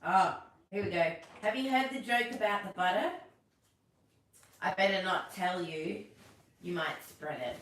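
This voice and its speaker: A woman's voice: on the low side, unhurried, pauses often, a bit bright, recorded from a distance. A woman hosting a casual live stream, chatty and self-deprecating, telling corny jokes while a little sick. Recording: echoey room, away from the mic.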